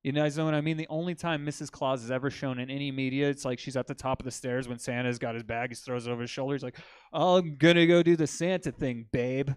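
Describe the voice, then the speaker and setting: A man doing a stand-up comedy set in a comedy club, telling crude jokes with deadpan delivery and bantering with the crowd. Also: mid-range voice, rapid-fire, few pauses, smooth, no room sound.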